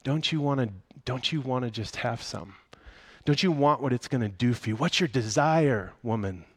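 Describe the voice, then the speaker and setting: A man's voice: mid-range voice, normal speed, breathy edge, natural voice. A man voicing a sly male serpent, coaxing with wheedling questions.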